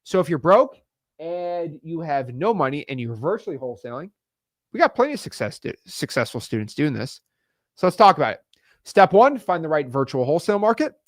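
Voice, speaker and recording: Male coach, a bit high-pitched, punchy slangy delivery, dry close sound. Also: sing-song, no echo. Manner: fast, emphatic, slangy, repeats words for emphasis. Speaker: real estate wholesaling coach. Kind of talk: energetic coaching video lesson.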